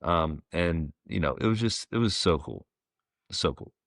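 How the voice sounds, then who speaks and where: A man in his forties, a former ballplayer, telling stories as a podcast guest in a relaxed, rambling way with plenty of fillers. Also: sits low, a little slow, no room sound, clean studio sound. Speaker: guest, former pro baseball player. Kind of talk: casual storytelling interview.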